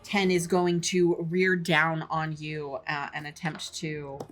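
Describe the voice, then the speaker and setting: Bright-voiced woman running a tabletop game. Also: low voice, flat delivery. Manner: brisk rules calls with filler um and uh. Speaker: game master.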